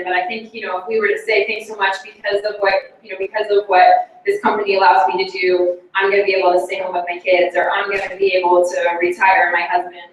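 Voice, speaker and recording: A woman leading a meeting, talking in a casual, chatty, upbeat way with many fillers and little laughs. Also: mid-range voice. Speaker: team leader speaking at a meeting. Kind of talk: casual motivational talk to a group. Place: meeting room with a live audience. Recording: very echoey room, mic far off.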